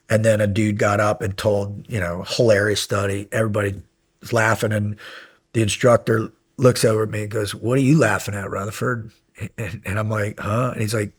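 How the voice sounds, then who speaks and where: A man in his fifties, a podcast guest and former Navy SEAL, telling stories in a casual interview, animated at times and dropping to quiet intensity at others. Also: mid-range voice, breathy edge.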